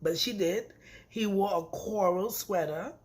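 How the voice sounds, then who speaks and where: Animated woman recapping a reality show. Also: mid-range voice, unhurried. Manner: animated, emphatic storytelling with frequent repeats. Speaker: reality TV reviewer. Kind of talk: casual episode recap.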